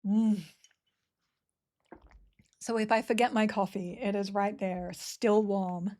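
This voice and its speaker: Speaking at a slow pace with a medium, somewhat dark voice and fairly even intonation, a woman streams a game and reads chat aloud. She's chatty and giggly, often poking fun at herself, in casual live-stream talk while playing.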